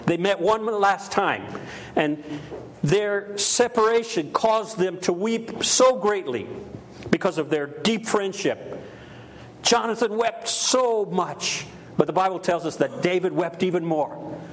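Emphatic preaching man, slightly high voice. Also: expressive, takes it slowly, a little hiss or hum. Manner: emphatic, repeats key phrases, acts out quoted voices. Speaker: pastor. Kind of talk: sermon.

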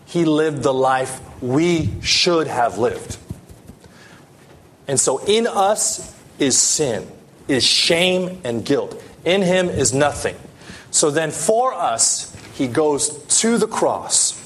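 A man preaching a sermon as pastor, earnest, lifting his voice for emphasis and dropping it soft. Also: fairly high pitch, expressive, slow pace, slight background noise.

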